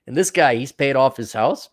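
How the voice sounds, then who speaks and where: A man hosting his own show, ranting in a sarcastic, profane, mocking way. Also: mid-range voice. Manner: mocking mimicry of others. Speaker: show host. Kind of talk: livestream rant.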